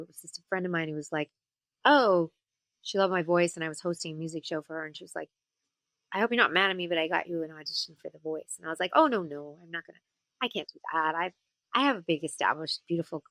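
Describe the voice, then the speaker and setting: As an interview guest, a female voice actor and singer tells animated stories in a casual chat, now and then breaking into character voices. She speaks at a fairly low pitch with no echo.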